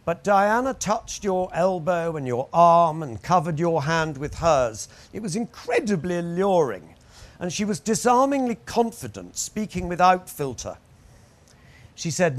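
A man's voice: high voice, big pitch swings, unhurried. A man narrating his memoir aloud with wry, anecdotal storytelling. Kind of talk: audiobook memoir reading.

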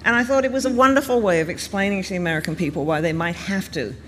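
Man giving a measured history talk. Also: a little high, fairly bright tone. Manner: thoughtful, measured, conversational storytelling. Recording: reverberant room with faint background noise.

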